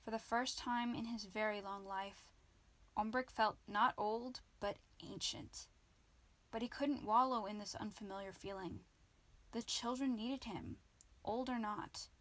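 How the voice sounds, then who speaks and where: A woman narrating a children's book in an amateur audiobook, reading lively. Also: medium pitch, a little slow. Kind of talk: children's book read-aloud.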